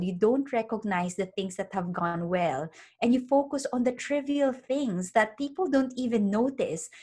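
A middle-aged woman speaks as a psychologist guest in a casual interview. Her voice sits at a mid pitch, and she explains her points earnestly, with many restarts and asides like "you know".

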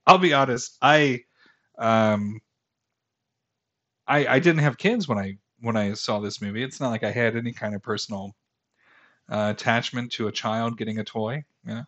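The recording is muffled, but the voice comes through as mid-range and fairly bright at a moderate pace. It belongs to a man in his thirties hosting a fantasy podcast, giving casual solo commentary that rambles, pokes fun at himself and is full of fillers and restarts.

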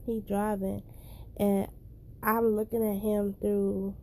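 A woman's voice: medium pitch, little pitch movement, slow, a little mellow, slight background noise. A young woman telling a personal story in a casual vlog, blunt and profane, getting emotional as she speaks.

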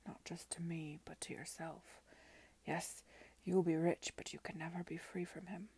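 A brooding, possessive young gentleman read by a woman, speaking low and hushed with a gravelly edge. The voice is dark and a little husky, close and dry. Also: normal speed. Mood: intense hushed.

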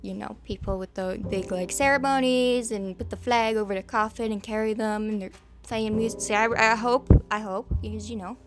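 With music playing behind her, a woman with a mid-range voice reads the news at a moderate pace and with fairly even intonation. As a podcast host offering casual commentary, she stumbles on names, makes sarcastic side comments, and slips into a Southern American accent.

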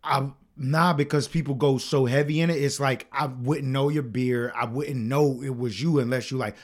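A man's voice: mid-range voice, steady tone, moderate pace, hardly any pauses. A young man co-hosting a podcast, chatting casually and telling profane stories with acted-out quotes. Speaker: podcast co-host. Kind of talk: casual chat.

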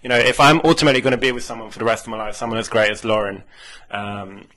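A man's voice: on the low side, fairly even intonation, racing, sharp tone, poor audio. A man hosting a casual conversation, asking long, winding questions with filler words. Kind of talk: interview questions in casual chat.

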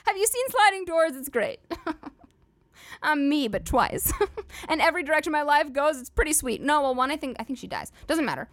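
A woman's voice: sits high, sing-song, moderate pace, long pauses, no echo. A woman hosting a solo comedy podcast, rambling and swearing freely with lots of "like" fillers. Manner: profane, rambling, filler-heavy "like" talk. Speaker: podcast host.

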